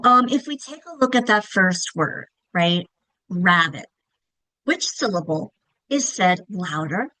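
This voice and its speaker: A woman's voice: mid-range voice, no room sound, low-quality recording. A woman presents a lesson on teaching reading, talking in a casual, friendly-professional way. She stretches and stresses example words to demonstrate, and her voice sits in a medium range. The recording is dry and close, with no room sound. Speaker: literacy teacher trainer. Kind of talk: instructional presentation.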